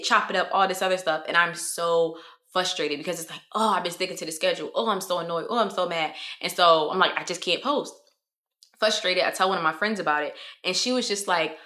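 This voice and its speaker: A young woman vlogger giving a motivational talk to camera, animated, often acting out quoted voices. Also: fairly low pitch. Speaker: lifestyle vlogger.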